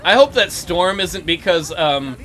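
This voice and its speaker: A young man giving casual, joking gameplay commentary. He gets excited fast and plays out the game characters' lines as he talks. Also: high-pitched, slight background noise. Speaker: let's play gamer.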